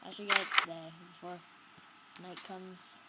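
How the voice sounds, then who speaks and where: A woman's voice: on the low side, little pitch movement, normal speed, very noisy. A woman giving casual commentary on her own gameplay, talking to viewers and shrieking when startled. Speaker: gamer narrating her play.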